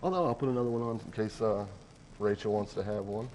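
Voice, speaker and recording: A man demonstrating a recipe as a guest chef on a TV set, talking with many pauses and fillers. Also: on the low side, a little mellow, slight background noise. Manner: hesitant, full of uh and um. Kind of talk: cooking demonstration. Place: TV studio kitchen set.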